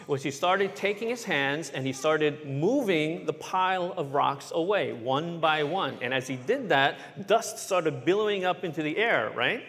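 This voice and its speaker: A man tells a story as a children's sermon. His voice sits a little high, and he keeps checking in with his young listeners. It echoes with a long church-hall reverb. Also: expressive, measured pace, fairly bright tone. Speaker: pastor.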